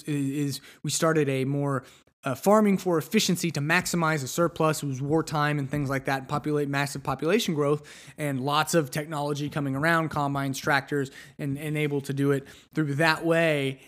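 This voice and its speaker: Male solo podcast host, young adult, slightly high voice, loose rambling delivery. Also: a little fast. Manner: rambling, conversational, many restarts and fillers.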